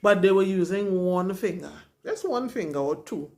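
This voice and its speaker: A woman's voice: mid-range voice, lively intonation, moderate pace, a little mellow. A young woman, candidly and dramatically retelling her own story to camera as a vlogger.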